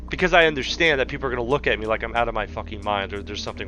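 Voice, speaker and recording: A man in his thirties rants into the mic with a bright, forceful edge, blunt and exasperated, swearing freely. His delivery is sarcastic commentary, with faint music playing underneath. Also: medium pitch, quick pace, few pauses. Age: 30s. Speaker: commentary channel host. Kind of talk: profane ranting commentary.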